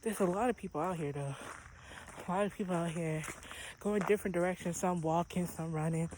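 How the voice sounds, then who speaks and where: A woman out of breath, talking quietly to her camera while hiking an outdoor trail. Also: lowish voice, a little fast, noisy background. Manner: breathless, quiet, talks between gasps. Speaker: vlogger. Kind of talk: casual vlog chat on a walk.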